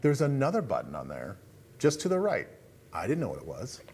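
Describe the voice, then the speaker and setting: A man's voice: medium pitch, brisk, slight background noise. A man co-hosting a television talk show, telling stories in a casual, self-deprecating way. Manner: animated storyteller, self-deprecating. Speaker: TV show co-host. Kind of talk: casual studio chat. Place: TV studio.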